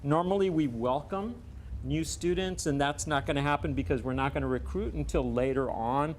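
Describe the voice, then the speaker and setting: A man hosting a community event and giving a speech, halting and often correcting himself. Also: on the high side, slight background noise. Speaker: event host.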